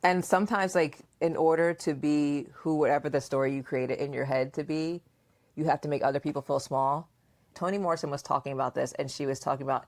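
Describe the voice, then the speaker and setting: A woman hosting a casual podcast chat, asking questions and acting out remembered dialogue in a playful, animated way. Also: sits low. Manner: frequent laughter and questioning. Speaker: podcast host and mother.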